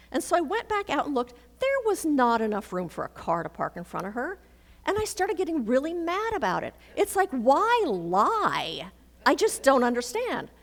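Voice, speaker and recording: A woman's voice: high voice, normal speed. A woman minister giving a sermon, telling a personal story and acting out the dialogue in it. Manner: storytelling, animated, acts out dialogue. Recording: reverberant hall.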